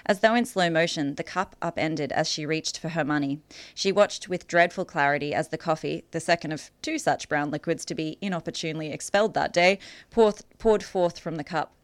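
A woman author reading a passage from her own novel aloud in a measured, clear way. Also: deep voice, no echo.

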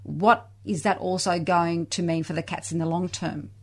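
A woman's voice: fairly low pitch, fairly even intonation, normal speed. Hesitant woman guest on radio. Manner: hesitant, repeats words. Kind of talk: radio interview answers. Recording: radio studio.

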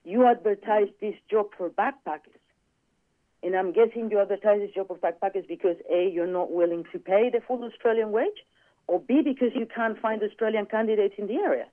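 In a casual chat, a guest with a high male voice shares a personal story fairly quickly, acting out quoted dialogue with animation. The sound is dry, thin and phone-like, with no echo.

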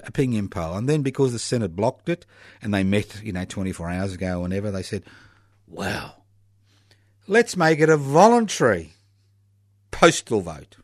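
A man's voice: fairly low pitch, no room sound, clean studio sound. A man hosting a community radio show, delivering a sarcastic, mocking political monologue with scornful laughs.

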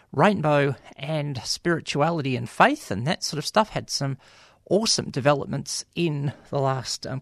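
A chatty Australian man hosting a community radio show in a studio, his voice gravelly with touches of vocal fry. He rambles easily through ums and dry jokes. The recording sounds close and dry, with no room around the voice. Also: fairly high pitch, no room sound. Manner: chatty, wry, many ums and asides. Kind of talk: casual radio monologue. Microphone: studio microphone.

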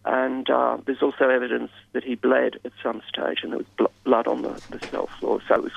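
A man speaking as a radio guest in a measured, hesitant way with many fillers. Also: mid-range voice, little pitch movement, creaky, breathy edge, dry recording. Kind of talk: radio interview. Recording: dull lo-fi radio sound, dry.

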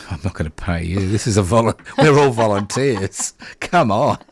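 A man's voice: lowish voice, animated, moderate pace. A man with an Australian accent hosting a casual studio chat on the radio, teasing his guest and laughing often. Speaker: radio host.

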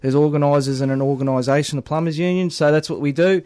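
A man's voice: on the high side, little pitch movement, quick pace, a little mellow, no echo, studio quality. An Australian man working as a union organiser, talking casually and leaning on fillers like "obviously" and "at the end of the day". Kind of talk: casual podcast chat.

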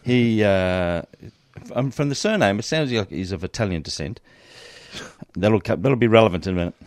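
A man's voice: fairly low pitch, expressive, moderate pace, dry recording, clean studio sound. A man co-hosting a casual sports chat, posing a quiz with frequent ums and uhs. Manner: quizzing, hesitant with many ums. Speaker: co-host.

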